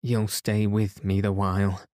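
A man reading the part of a remorseful elderly father who talks softly and slowly, pleading as he speaks. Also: on the low side, flat delivery, no room sound, clean studio sound, natural voice.

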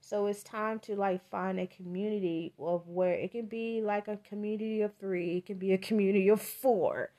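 A woman's voice: mid-range voice, steady tone, moderate pace, few pauses, warm tone. Woman, tarot reader, casual podcast delivery, emphatic and a bit profane, mid-range voice. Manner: chatty, emphatic, loose and profane; repeats words for emphasis.

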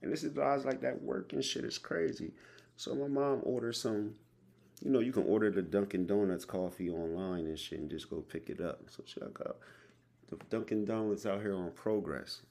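A man hosts a podcast in a low, gravelly voice with a creaky edge. He talks loosely and in slang, circling back and repeating words as he tells a story. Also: normal speed, darkish tone. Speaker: podcast host. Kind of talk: casual conversation.

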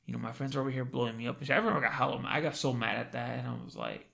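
A man's voice: mid-range voice, very animated, very fast, creaky, fairly bright tone. A young man hosting a casual podcast, telling stories with a lot of swearing and "dude" after every few words. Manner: profane, says "dude" constantly. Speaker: podcast host. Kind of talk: casual storytelling chat.

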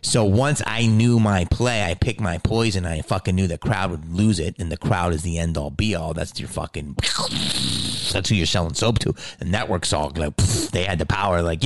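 A man tells a story in casual talk with a low voice that leaps high and drops back down. He swears freely and acts out the people he quotes in lively bursts. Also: moderate pace, vocal fry. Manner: animated and profane, acting out quotes. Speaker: actor and comedian.

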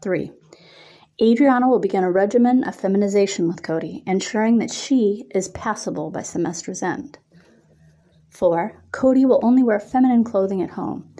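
A woman author reading her own erotic story aloud. She keeps a steady storytelling pace, and her voice has a mellow, warm tone with no edge to it. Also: medium pitch, moderate pace.

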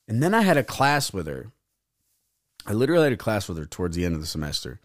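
A man's voice: medium pitch, sing-song, fast, no room sound, studio quality. A young man hosting a podcast, telling a rambling, profane story in casual chat and acting out the voices of the people in it. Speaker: podcast host. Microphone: podcast mic.

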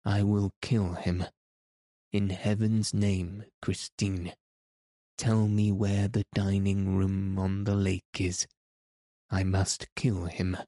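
A fierce, jealous young nobleman who makes urgent demands, read by a man in an audiobook. The voice is low and mellow, and the pace is very slow. The sound is close and dry. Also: flat delivery, no echo. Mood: vengeful. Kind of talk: audiobook reading.

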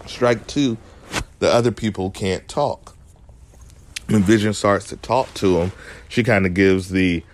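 A man's voice: sits low, steady tone, moderate pace, long pauses, a little mellow, no room sound. A man giving a casual recap of a show episode, analytical and emphatic, often restarting his sentences.

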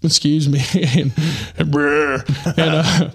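A man telling a rambling personal story with lots of fillers, his voice getting hoarse. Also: fairly high pitch, steady tone, takes it slowly, no echo. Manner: rambling, many fillers and restarts. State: losing his voice. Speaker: podcast host. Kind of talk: casual storytelling.

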